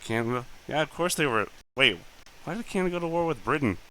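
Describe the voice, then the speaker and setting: A man's voice: on the high side, lively intonation, fast, bright, forceful tone, poor audio. A man from the United States chatting casually during a game, asking teasing, joking questions. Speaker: player.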